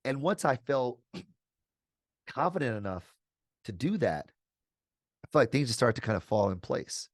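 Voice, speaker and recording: A man's voice: medium pitch, big pitch swings, unhurried, pauses often, dry recording, clean studio sound. A man being interviewed as a guest author over a video call, speaking energetically and articulately with casual slang. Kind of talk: conversational interview answers.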